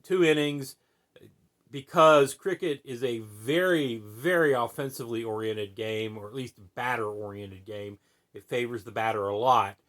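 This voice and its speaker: A man's voice: mid-range voice, normal speed, a bit bright. An American man hosting a podcast, explaining a sport in a casual, folksy way with many fillers and "right?" asides. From United States. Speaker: podcast host.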